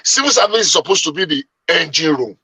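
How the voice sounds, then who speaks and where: A man's voice: fairly high pitch, animated, quick pace, sharp tone, husky, dry recording, low-quality recording. A man, arguing emphatically and at length as a panelist in a heated debate. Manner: emphatic, argumentative, long-winded.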